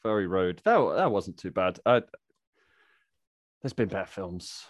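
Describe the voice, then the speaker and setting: A young man with an English Midlands accent, talking in loose casual chat and cursing freely. He stumbles and restarts his sentences a lot, in a low-pitched voice. The sound is dry and close, with no room around it. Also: sing-song, unhurried, no echo. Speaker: guest.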